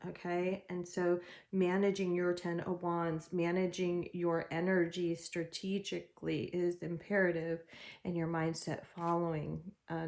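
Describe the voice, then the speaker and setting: A woman's voice: on the low side, darkish tone. A woman giving a general tarot reading, talking in an encouraging, chatty way and laughing often. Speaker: tarot reader.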